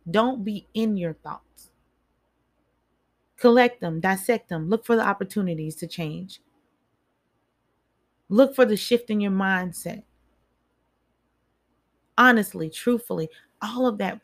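A woman's voice: medium pitch, gravelly. A woman giving a casual motivational talk, chatty and speaking straight to her listeners, repeating phrases for emphasis.

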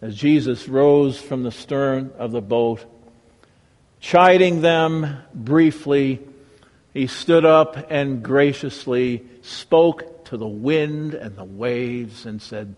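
A male pastor preaching a sermon with a dramatic delivery that swings from raised emphasis to hushed, reverent tones. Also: mid-range voice, slow, in a large hall.

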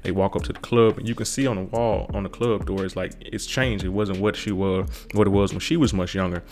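Fast-talking gravelly man recapping a show. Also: low voice, steady tone, darkish tone. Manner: rambling, repeats words and hedges with kinda. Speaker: TV episode recapper. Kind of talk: casual spoken recap.

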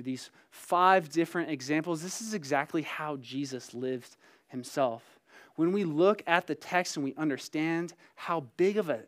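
A young adult man, a site pastor, preaching a sermon in a casual, storytelling way and acting out bits of dialogue. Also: a little high. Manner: conversational storytelling, acts out dialogue.

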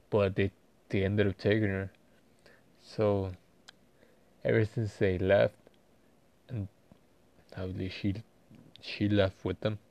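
A man talking casually in a personal vlog, rambling and halting with many fillers and restarts. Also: lowish voice, no room sound, lo-fi sound. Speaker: vlogger.

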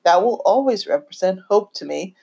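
A woman reading her family memoir aloud, reminiscing in a gentle, unhurried way. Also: mid-range voice, lively intonation, creaky, husky. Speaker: narrator.

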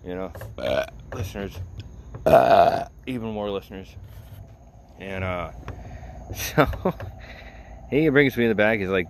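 A man's voice: lowish voice, animated, slow pace, vocal fry, long pauses, slight background noise. A man casually telling a personal story to his listeners, rambling with lots of fillers and wry, profane asides.

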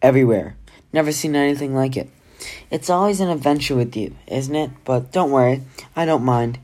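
A reader voicing a kind, fussy male healer who reassures gently while fretting in a storybook read-aloud. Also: medium pitch, brisk, close to an everyday voice. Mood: reassuring. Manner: gently reassuring, a bit fretful.

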